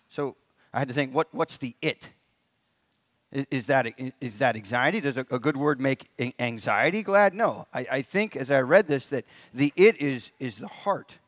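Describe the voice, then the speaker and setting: A man's voice: medium pitch, normal speed, a bit bright, no echo. A man preaching a sermon in church, in a folksy manner with rising emphasis on key points. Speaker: pastor. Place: church sanctuary.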